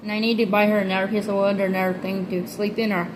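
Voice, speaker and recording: A woman filming a casual pet vlog at home, rambling affectionately and slipping into high baby talk. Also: flat delivery, fast talker, noisy background. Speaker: pet vlogger. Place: home room by a reptile enclosure.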